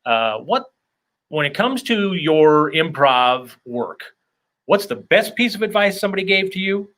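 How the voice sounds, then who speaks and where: A man's voice: on the high side, sing-song, a little slow, fairly bright tone. A man hosting a casual comedy interview, rambling with self-deprecating jokes and asides. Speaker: podcast host.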